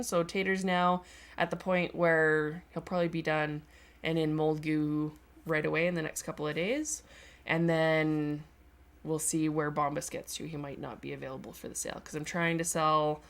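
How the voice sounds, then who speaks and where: A woman's voice: sits low, a bit bright. A Canadian woman chatting casually on a craft livestream, reading viewer comments aloud and talking about her work. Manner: chatty, reads chat aloud, voices her lizard's thoughts. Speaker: sculpting livestream host. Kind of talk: casual chat while working.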